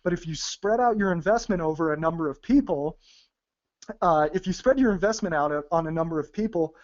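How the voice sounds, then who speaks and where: Chatty male poker coach on lo-fi webinar audio. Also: on the high side. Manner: deliberate presenter's voice spoken from the gut; chatty, with frequent fillers and asides. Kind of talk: webinar presentation.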